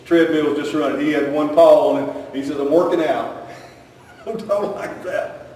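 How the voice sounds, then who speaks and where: High-voiced folksy preacher in an echoey hall. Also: male voice, steady tone, measured pace, darkish tone. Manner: folksy, rambling, repeats phrases, chuckles. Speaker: pastor. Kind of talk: sermon. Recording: echoey hall, mic far off.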